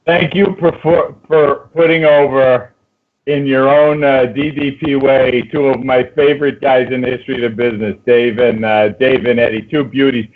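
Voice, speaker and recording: Halting man on a tinny line. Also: medium pitch, level tone. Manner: halting, many restarts and fillers. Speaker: podcast host. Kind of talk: casual chat.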